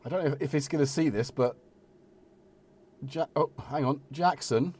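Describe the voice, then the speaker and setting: A man's voice: fairly high pitch, moderate pace, a little mellow, slight background noise. A middle-aged man hosting a casual live stream, rambling and joking while he talks to his cats.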